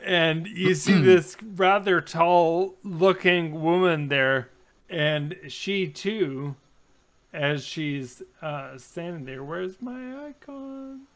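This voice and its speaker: A man narrating as the dungeon master of a tabletop game, unhurried and halting, with many fillers. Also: a little high.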